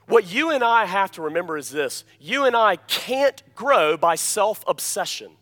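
High-pitched man preaching emphatically. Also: very animated, normal speed, few pauses. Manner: emphatic, repeats key phrases, calls "Amen?" to the congregation; swings between loud emphasis and quiet, low-voiced asides. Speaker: pastor. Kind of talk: sermon.

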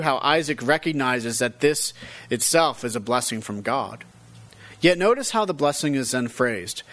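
A man's voice: mid-range voice, a bit bright. A man reading a Bible passage aloud and then explaining it verse by verse as a teacher, giving the quoted dialogue rising and falling emphasis. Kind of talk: scripture reading and commentary.

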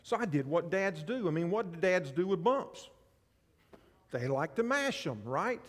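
A male pastor preaching a sermon, animated, swinging between loud passages and soft ones. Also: high voice, a little slow, long reverb tail, slight background noise.

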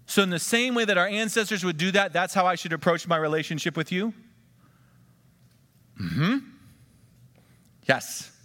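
A man preaching a sermon, swinging between emphatic rises and quiet drops, and drawing the congregation into questions and call-and-response. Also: sits high, moderate pace, long pauses. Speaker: pastor. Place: church sanctuary. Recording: long church reverb.

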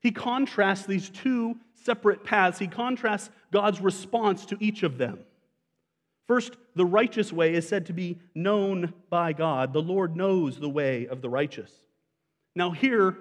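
A high-voiced man preaches as a pastor in a large hall, speaking conversationally and putting questions to the congregation.

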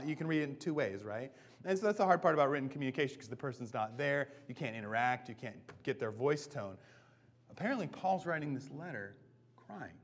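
A man in his thirties, a pastor giving a relaxed, conversational sermon, often checking in with "right?" and joking at his own expense. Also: mid-range voice, a little fast. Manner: casual, self-deprecating, often asks "right?".

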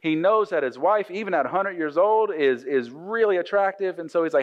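A man's voice: high-pitched, lively intonation, fairly quick, hardly any pauses. Casual joking preacher man, muffled sound. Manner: conversational, joking, frequent restarts. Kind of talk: casual sermon retelling scripture.

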